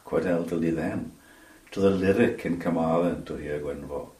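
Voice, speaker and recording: Low older Welsh man, reminiscing. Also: fairly even intonation, mellow. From Wales. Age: 70s. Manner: measured, with frequent ums and restarts. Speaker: interview guest. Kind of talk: reminiscing interview answers. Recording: roomy sound from a distance.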